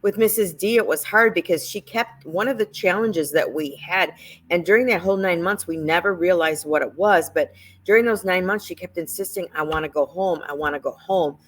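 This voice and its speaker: A woman's voice: lowish voice, normal speed. A middle-aged woman hosting a caregiving talk, speaking casually with many fillers and restarts while telling stories. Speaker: nurse advocate host.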